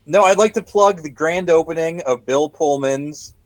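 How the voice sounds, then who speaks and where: Deadpan joking man, fairly high voice. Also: normal speed, no room sound. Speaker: podcast co-host. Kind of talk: casual chat.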